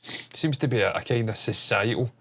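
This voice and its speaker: A man's voice: on the low side, a little fast, sharp tone, breathy edge. A man with a stuffed-up nose, hosting a casual chat stream, rambling and swearing casually. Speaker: host.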